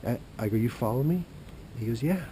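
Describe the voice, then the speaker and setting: A medium-pitched man speaking a little fast hosts an outdoor show by a creek, rambling through a story to the camera with slight noise in the background. He sometimes whispers, then gets loud and animated recounting a phone call.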